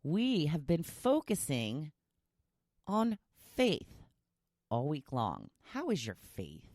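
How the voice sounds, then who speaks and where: Lively, chatty woman podcaster. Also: sits low, takes it slowly, no echo, clean studio sound. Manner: chatty and self-teasing, jokes and laughs at herself; encouraging, motivational. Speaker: podcast host. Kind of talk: casual solo podcast monologue.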